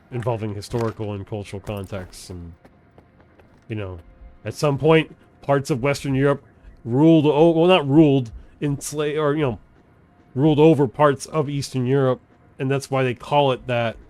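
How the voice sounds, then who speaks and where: A man's voice: mid-range voice, fairly even intonation, moderate pace, dark tone, no room sound. Male game streamer, casual and profane; rambles, trails off and backtracks mid-sentence. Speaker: live streamer. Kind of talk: casual chat while gaming on stream.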